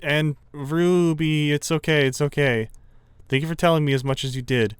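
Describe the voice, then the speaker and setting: A man voicing a kind, caring young woman in a horror game, speaking gently and soothingly. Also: on the high side, fairly even intonation, moderate pace, smooth, dry recording, natural voice. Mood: gentle.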